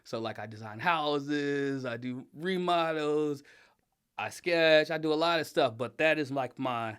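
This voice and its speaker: A middle-aged man talking casually as an interview guest, emphatic and animated, laughing often and getting loud when riled up. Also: a little high, a little slow, clean tone. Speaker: interview guest, father and design director.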